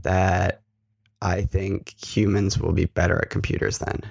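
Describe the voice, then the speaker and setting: A man co-hosting a tech podcast in casual banter, with a very low, gravelly voice. He jokes and rambles, restarting his sentences often. He is close on a studio mic, and the sound is dry. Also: steady tone, unhurried, a little mellow, no echo. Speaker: podcast co-host. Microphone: large studio microphone.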